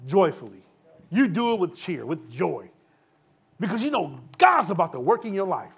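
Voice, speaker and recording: A man's voice: high-pitched, sing-song, normal speed, gravelly, husky. A male pastor telling a personal story in an informal church Q&A, acting out the voices of the people in it and laughing at his own jokes.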